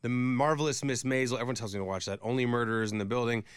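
A man co-hosting a radio show in casual, jokey chat, animated and quick to act out voices in his stories. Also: mid-range voice, clear, resonant tone, no room sound, clean studio sound.

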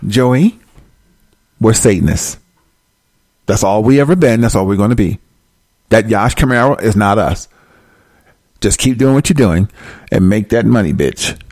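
A man voicing a cold, scheming wife who talks in a flat, dismissive way. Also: fairly low pitch, measured pace, long pauses, no room sound, voice pushed down.

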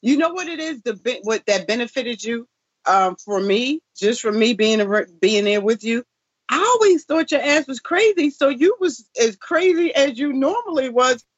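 A woman chatting casually as a guest, blunt and lively, with loose nonstandard grammar. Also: high-pitched, normal speed, slightly rough, no room sound. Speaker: guest, former contestant. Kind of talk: casual chat. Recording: dull lo-fi dry sound.

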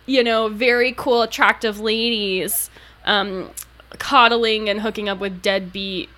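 A woman's voice: medium pitch, steady tone, unhurried, sharp tone. A woman co-hosting a casual podcast, making dry, wry remarks and laughing often. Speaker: podcast co-host. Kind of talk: casual comedic chat.

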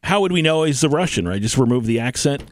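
A man co-hosting a radio show, quick and opinionated in casual banter. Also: medium pitch, lively intonation, no room sound, clean studio sound.

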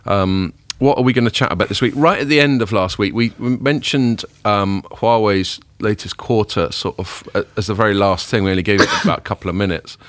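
A man hosting a podcast in casual chat, rambling and self-deprecating, a little hungover and rough-voiced. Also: on the low side, a little fast, few pauses, no room sound. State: hungover, voice a bit deeper than usual. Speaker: podcast host.

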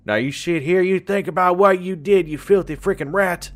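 A man's voice: sits high, moderate pace, voice pushed up, lightly acted. A man voicing a brutal older man who runs an orphanage, snarling insults and bellowing orders. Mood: furious yelling.

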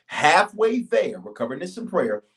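A man pastor preaching a livestreamed sermon and prayer from a church stage, animated and call-and-response, swinging between loud exhortation and low, slow prayer. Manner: animated, call-and-response, urging the audience to answer. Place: church stage filmed by several cameras.

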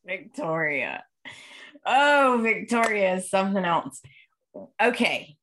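A woman's voice: on the high side, bright, forceful tone. A woman co-hosting a casual chat, talking expressively with emphatic questions. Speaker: co-host. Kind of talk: casual chat about a soap opera.

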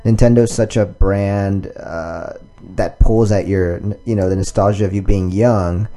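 Laid-back man with a dark voice. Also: fairly low pitch, steady tone, unhurried. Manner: joking, laughs often. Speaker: podcast host. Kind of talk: casual podcast banter.

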